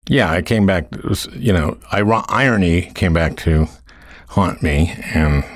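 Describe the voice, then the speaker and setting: A man with a very low voice hosts a relaxed interview, dry and wry in his delivery. He stops and restarts his sentences often. The sound is close and dry, with no room around it. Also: a little slow, dry recording. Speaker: podcast host. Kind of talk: casual interview chat.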